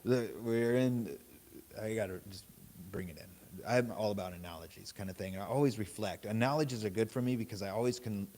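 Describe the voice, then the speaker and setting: A man's voice: on the low side, a little fast. Laid-back man giving a meditation talk. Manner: relaxed, storytelling, swears casually, laughs often. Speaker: meditation teacher. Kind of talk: casual dharma talk. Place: meditation group room.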